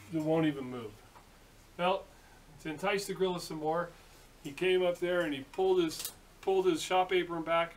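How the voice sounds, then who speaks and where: A man in his late fifties casually telling a long joke in a folksy, rambling way, with many fillers and restarts. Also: on the high side. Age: late 50s. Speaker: hobby machinist video host. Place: home workshop. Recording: distant mic with faint hiss.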